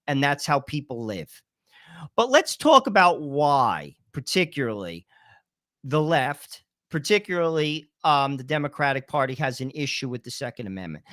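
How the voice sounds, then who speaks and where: A man co-hosting a political talk show, explaining his views in a deliberate, lecturing way. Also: fairly high pitch, a bit bright, dry recording, clean studio sound. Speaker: co-host.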